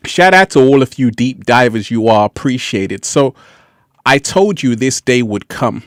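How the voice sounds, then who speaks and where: A man hosting a casual livestream speaks slowly and in an easy, unhurried way. He laughs often and repeats phrases for effect, and his voice sounds dry and close. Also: mid-range voice, lively intonation, dry recording. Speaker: livestream host.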